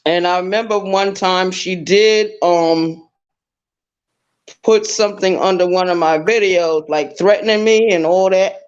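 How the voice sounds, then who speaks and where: A woman's voice: lowish voice, measured pace, clean tone. A woman calling in as a guest, giving blunt casual commentary and repeating her points for emphasis. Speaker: guest caller. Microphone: online call through a browser. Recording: dull lo-fi call audio.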